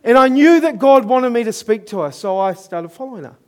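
A man's voice: very high-pitched, animated, brisk. A middle-aged man with a New Zealand accent preaching a sermon, telling stories earnestly and chuckling at himself. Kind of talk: storytelling sermon.

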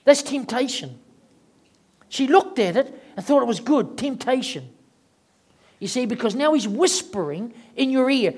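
A man's voice: very high-pitched, expressive, moderate pace. A middle-aged man preaching a sermon as pastor, talking in a conversational way and acting out the voices of people he quotes.

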